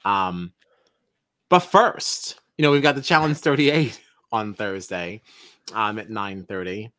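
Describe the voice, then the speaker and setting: A man's voice: fairly low pitch, slow pace, dry recording. A man co-hosting a casual reality TV recap podcast, running the show and plugging its socials. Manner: lively, wraps up the show with plugs. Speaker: podcast co-host.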